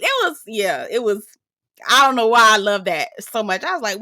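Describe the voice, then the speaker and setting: A woman's voice: medium pitch, very animated, normal speed, bright, forceful tone, no echo, studio quality. A woman recapping a reality show in casual commentary, sassy and profane, mimicking the cast and laughing often.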